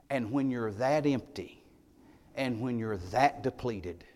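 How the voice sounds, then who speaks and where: A man preaching a sermon, moving between loud, emphatic declarations and hushed, quiet passages. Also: medium pitch, takes it slowly. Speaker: pastor. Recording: long hall reverb.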